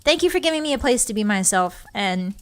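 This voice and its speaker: A young woman hosts a relaxed livestream in a bright, high voice. She is giggly and playful, and she thanks her viewers warmly while trying not to cry. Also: a little fast. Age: young adult. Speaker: virtual streamer. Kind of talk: casual livestream chat.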